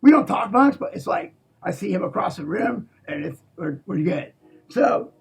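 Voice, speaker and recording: Very raspy, gravelly man ranting. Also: very animated, moderate pace. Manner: profane, repeats "okay?", restarts a lot; swings between loud outbursts and low mutters. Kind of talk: rambling monologue.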